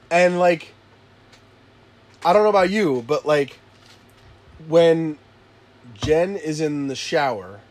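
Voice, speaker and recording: Animated high-voiced father swearing. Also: slow, long pauses. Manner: animated, acts out his kids and himself yelling. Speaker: father telling a story. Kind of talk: casual profane chat.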